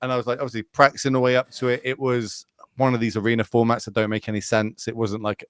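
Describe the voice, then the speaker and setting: A man's voice: mid-range voice, flat delivery, clear, resonant tone, dry recording, clean studio sound. A man telling rambling stories as a podcast guest, casual and peppered with swearing. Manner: rapid, rambling storytelling with swearing. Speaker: podcast guest, Magic tournament caster.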